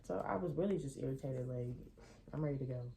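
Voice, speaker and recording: A young adult woman telling a casual storytime, animated and venting, swearing freely as she recounts her irritation. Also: a bass voice, fast talker, creaky, slight background noise.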